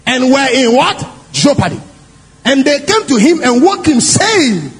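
A male preacher with a very high voice and a lively, swooping delivery. He stresses his points and keeps asking the congregation questions. A long hall echo trails each phrase, with faint music underneath. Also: unhurried. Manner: animated and emphatic, asks the congregation questions. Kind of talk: sermon.

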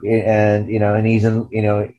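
A man with a fairly low voice talks in a loose, casual podcast discussion. He circles around his points, restarting sentences and leaning on "you know" as he thinks aloud. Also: monotone, moderate pace, warm tone, dull audio. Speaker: podcast co-host.

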